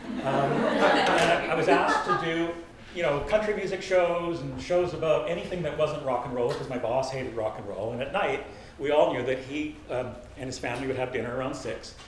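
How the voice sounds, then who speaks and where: A man's voice: fairly high pitch, normal speed, crowd noise. A man in his sixties from Canada, giving a chatty, anecdotal talk about podcasting to a live audience at a library event, polling the room and poking fun at himself. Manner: chatty, anecdotal, self-deprecating, polls the audience. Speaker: podcasting workshop presenter. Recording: very echoey room, light background noise.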